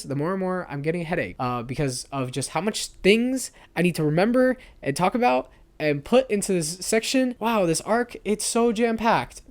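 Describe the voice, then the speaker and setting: A young man reviewing a manga series in a casual, excitable, profane and rambling way. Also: high-pitched. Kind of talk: casual video commentary.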